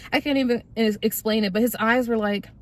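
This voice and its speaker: A woman in her twenties shares her personal testimony as a vlogger, speaking at a moderate pace in a somewhat high voice. She's casual, animated and slangy, talking directly to her viewers.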